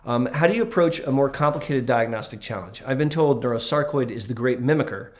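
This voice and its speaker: A man's voice: mid-range voice, a little fast. A man who works as a doctor, talking in a casual livestream Q&A and answering viewer questions in an earnest, emphatic way with frequent ums.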